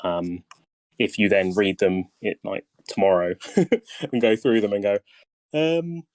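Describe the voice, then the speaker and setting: Low, dry-voiced man hosting. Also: unhurried, a little mellow, no room sound. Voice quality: hesitant, many ums and restarts. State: voice tiring. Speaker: game guide host. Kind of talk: casual voice-chat guide session.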